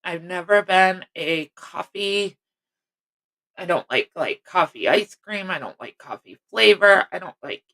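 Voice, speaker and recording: A middle-aged woman hosts a casual live stream and greets viewers one by one. She talks at an unhurried pace and rambles, stopping and restarting her sentences as she chats. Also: lowish voice, expressive, sharp tone. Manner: chatty, rambling, self-interrupting.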